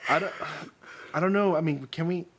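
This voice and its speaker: A man's voice: fairly high pitch, brisk, very noisy. A man co-hosting a casual podcast, joking and laughing often as he drifts between topics. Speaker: podcast co-host. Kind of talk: casual chat.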